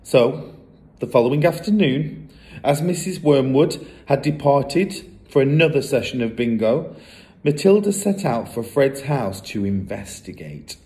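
A man's voice: mid-range voice, a little slow. Man reading a children's story aloud. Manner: expressive, lively storytelling.

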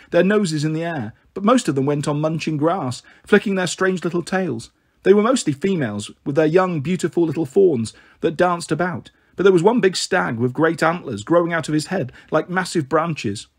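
A man reading a children's storybook aloud, expressive and voicing each character. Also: fairly high pitch, husky. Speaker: audiobook narrator.

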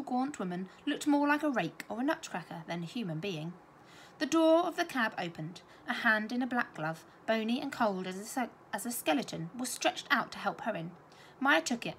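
A woman teacher reads a children's novel aloud with expressive storytelling. Her voice is set a little high and moves through a lively range of pitch. A faint background noise hums underneath.

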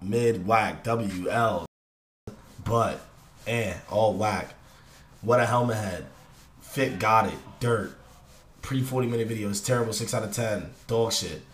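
A young man streaming a live reaction, talking in slang and swinging from low mutters to loud excited shouts. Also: unhurried, pauses often. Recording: roomy echo with faint noise.

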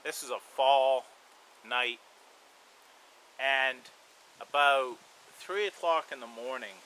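A man hosting a bushcraft and survival channel, telling a story in a relaxed, rambling way with lots of "you know" fillers. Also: medium pitch, slow, a little hiss or hum, low-quality recording. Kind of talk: casual spoken storytelling.

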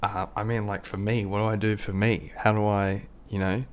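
A young man with an Australian accent and a deep, low voice, casually telling a rambling, crude story. He mocks himself and laughs at his own story as he goes. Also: flat delivery, moderate pace, clean tone. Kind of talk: casual anecdote.

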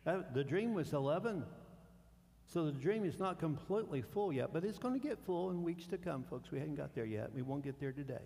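Gravelly preacher in an echoing church. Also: male voice, fairly high pitch, a little fast. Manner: animated preaching, swings from hushed to loud. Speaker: pastor. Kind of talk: sermon. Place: church sanctuary. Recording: long church hall reverb.

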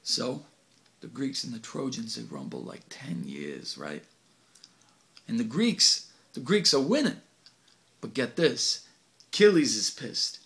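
A man's voice: medium pitch, sing-song, takes it slowly, creaky, pauses often, fairly bright tone, exaggerated voice. A man acting a cocky streetwise teenage delinquent in a stage monologue, boastful and slangy, recorded on a home video camera. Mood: swaggering. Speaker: actor in an audition monologue.

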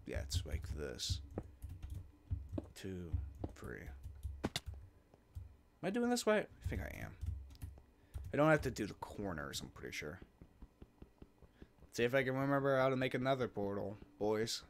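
A young man doing casual let's play commentary, talking to himself and swearing a lot, swinging from mumbles to loud outbursts. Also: fairly low pitch, big pitch swings, measured pace, gravelly, long pauses, background noise. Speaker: gamer.

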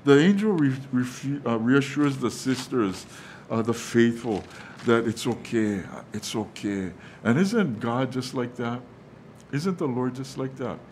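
A man preaching a sermon at a middle pitch. He often stops and restarts, with plenty of fillers, and he calls his listeners guys. A faint low rumble sits behind his voice. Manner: halting delivery with many fillers and restarts; quotes the angel in a hushed, reassuring voice. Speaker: pastor.

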